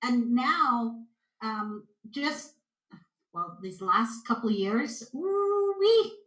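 Canadian woman chatting as a guest, bright voice a bit high, animated storyteller, echoey room. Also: slow pace. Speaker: guest intuitive. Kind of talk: casual interview chat.

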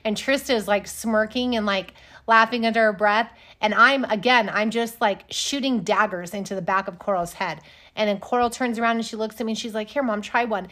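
A woman's voice: medium pitch, fairly quick, fairly bright tone. A middle-aged woman from Wyoming co-hosting a casual chat, telling stories with sarcasm and swearing freely. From Wyoming, United States. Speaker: podcast co-host.

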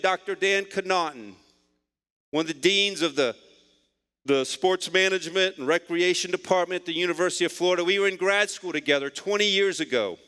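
A bright-voiced male pastor in his forties delivers a sermon, dropping to low, quiet lines and then climbing to near-shouts. His voice sits a little high. It rings out with the long reverb of a church sanctuary. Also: clean tone.

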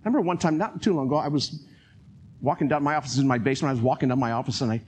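An older man preaching a sermon in an animated way, acting out quotes and chuckling as he talks. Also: medium pitch, rapid-fire, a little hiss or hum.

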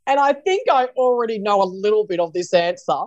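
Woman podcast host, bubbly, laughs a lot, very lively pitch. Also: fairly quick, muffled recording. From Australia. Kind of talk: casual interview chat.

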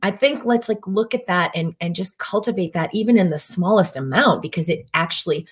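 A woman's voice: on the low side, fairly quick, husky. A woman physician hosting a live stream, talking casually with a meandering style full of fillers and restarts. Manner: meandering, easygoing talk with frequent fillers and restarts. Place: Durango, Colorado.

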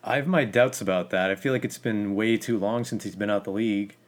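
Male podcast guest, lowish voice, quick and brief. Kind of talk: casual sports chat.

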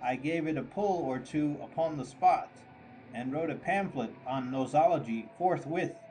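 A man narrating a story aloud in a measured, mock-grand storytelling manner. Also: a little high, mellow, soft background music, rough recording. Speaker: audiobook narrator. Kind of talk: scripted narration.

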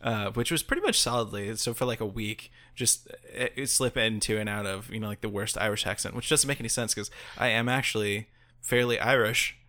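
A man's voice: on the low side, steady tone, fairly quick, sharp tone. A married man co-hosting a casual podcast, rambling through his thoughts with lots of fillers and restarts. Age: adult, married. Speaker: podcast co-host. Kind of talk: casual chat.

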